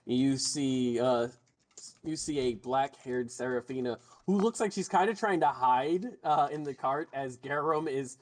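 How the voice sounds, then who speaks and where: A man's voice: mid-range voice, unhurried. A man running a tabletop game as game master, narrating and swearing freely as he describes scenes. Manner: animated, profane, jumps into comic voices.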